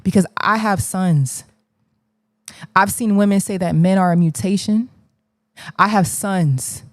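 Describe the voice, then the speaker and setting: A woman's voice: medium pitch, a little slow, dry recording, studio quality. A woman giving a fiery, preachy livestream monologue, blunt and colloquial, hammering the same challenges again and again. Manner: blunt, colloquial, drops into slang.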